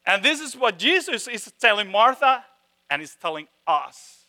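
Preaching with great animation, a pastor whose voice sits high delivers an emphatic sermon. Slow, repeated phrases give way to abrupt shifts from loud emphasis to near-whispers.

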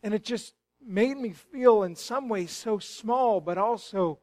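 High-voiced preacher, dry close sound. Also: male voice, slow pace, few pauses, no room sound. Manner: builds from hushed storytelling to loud, fervent exclamations. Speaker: pastor. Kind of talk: sermon. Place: church sanctuary.

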